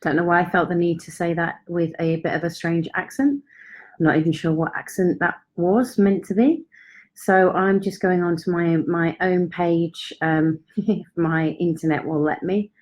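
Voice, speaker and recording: A woman's voice: lowish voice, steady tone, moderate pace. A woman hosting a casual live stream from home on her phone, chatty and a little self-deprecating. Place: at home, in York.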